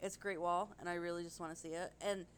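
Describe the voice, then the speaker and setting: A woman's voice: lowish voice, fairly even intonation, quick pace, clean tone. A woman co-hosting a casual podcast chat, rambling and gushing, with casual swearing. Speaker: podcast co-host.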